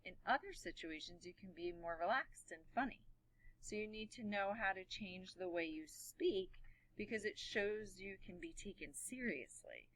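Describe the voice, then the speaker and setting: A woman teacher explaining a class lesson, talking quickly and animatedly and demonstrating with her own voice. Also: mid-range voice, animated, fairly bright tone, no echo, poor audio.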